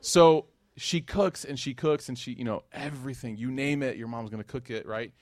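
A male preacher tells stories to a live crowd with energy. He fires questions at his listeners and tosses in jokes along the way. His voice sits at an ordinary pitch for a man and sounds close and dry. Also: moderate pace, no echo. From United States. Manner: animated storytelling, quizzes the audience, joking asides. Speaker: Islamic preacher. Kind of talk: conversational sermon to a live audience.

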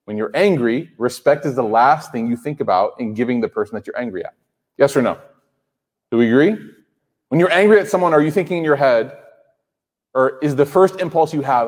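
A man's voice: medium pitch, lively intonation, moderate pace, darkish tone. A man in his thirties giving a sermon to a live audience, conversational and joking, often asking the crowd questions. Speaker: Islamic speaker. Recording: hall reverb.

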